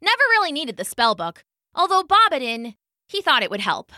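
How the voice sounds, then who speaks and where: Lady doing a fast wry young sorceress, storybook spellcaster, bright sharp voice. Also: high voice, sing-song, no echo, clean studio sound, pitched above the performer's own voice, heavily acted.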